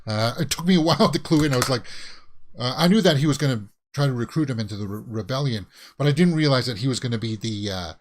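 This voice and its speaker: A man's voice: mid-range voice, expressive, fast, a little hiss or hum. A man hosting a reaction video, reviewing a show in a casual, rambling way, thinking aloud with many fillers.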